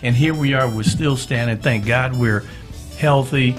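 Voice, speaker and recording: A man's voice: medium pitch, unhurried, soft background music. A man in his fifties from Southern California, a guest in a casual interview, telling stories and acting out the voices of the people in them. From Southern California, USA. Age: 50s. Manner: animated storyteller, acts out quoted voices.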